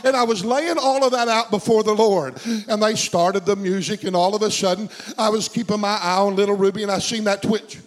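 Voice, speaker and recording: A high-pitched man delivers a storytelling sermon. He circles back on his phrases and builds fervor as he preaches, in the manner of a middle-aged pastor. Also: fairly even intonation, a little fast, poor audio. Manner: storytelling preacher, fervent and repetitive.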